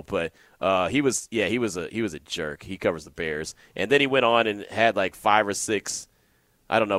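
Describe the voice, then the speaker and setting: A man's voice: fairly low pitch, a bit bright, no room sound. A man hosting a sports radio show, telling stories in a loose, chatty, slangy way. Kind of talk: casual radio chat.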